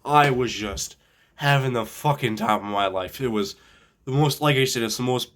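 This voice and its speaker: A young man telling a funny story in a loose, rambling way. He swears a lot, trips over his words and starts his sentences over, with fillers between the thoughts. His voice sits at an ordinary middle pitch. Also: moderate pace, fairly bright tone. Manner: rambling, swears often, frequent restarts and fillers. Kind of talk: casual anecdote.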